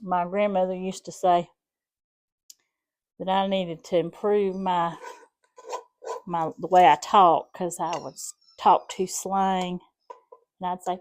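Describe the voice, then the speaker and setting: A woman's voice: medium pitch, lively intonation, measured pace, long pauses. A middle-aged woman with a South Alabama accent, chatting through a home cooking demonstration in a folksy, rambling way. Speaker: home cooking channel host.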